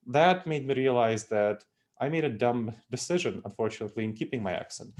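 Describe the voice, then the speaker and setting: A middle-aged man with a Russian accent presents a business training talk at an average pitch. He explains with emphatic repetition, returning to his key phrases again and again. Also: darkish tone. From Moldova. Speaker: speaker, trainer.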